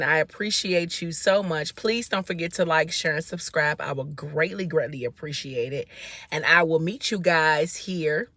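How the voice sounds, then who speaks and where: A woman's voice: sits low, a bit bright, no echo. A woman vlogger casually recapping a book from inside a car, rambling with lots of fillers. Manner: rambling retelling with many fillers.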